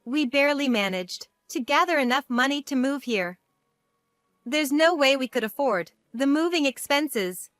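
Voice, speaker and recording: A self-centered adult brother, read by a woman narrator in a family drama story. The lines come out plain and read-out, in a slightly high voice on a dry, close recording. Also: lively intonation, moderate pace, fairly bright tone, no echo. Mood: pleading.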